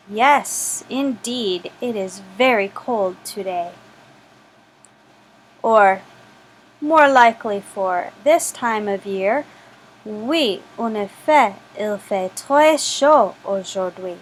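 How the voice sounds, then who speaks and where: A woman's voice: mid-range voice, slow, rough recording. A woman teaching a French lesson, patiently repeating each word for practice. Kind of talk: slow spoken language lesson.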